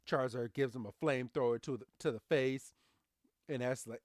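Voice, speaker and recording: A man's voice: on the high side, steady tone, normal speed, a bit bright, clean tone, no echo, clean studio sound. A man co-hosting a podcast, recapping cartoon episodes in casual chat and acting out the characters' lines with plenty of animation. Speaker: podcast co-host.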